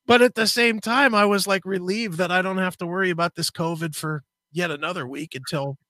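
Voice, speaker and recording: A man telling a long story in casual conversation, swearing freely and getting animated. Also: high voice, brisk, no echo. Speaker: co-host.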